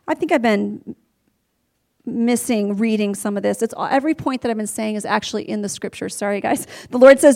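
A woman preaching a sermon, animated and earnest, talking straight to her listeners. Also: mid-range voice, fairly quick, vocal fry.

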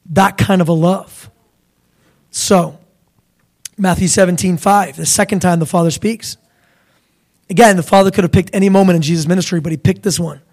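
Young man, high voice, animated conversational sermon, preacher. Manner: animated, conversational, acts out voices of biblical figures.

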